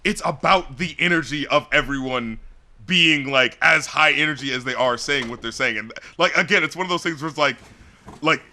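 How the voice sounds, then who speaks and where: Podcast co-host, male, slightly high and very bright voice, rambling and animated. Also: moderate pace. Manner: animated, rambling, laughs often, acts out rap lines. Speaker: podcast co-host reviewing albums. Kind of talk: casual chat.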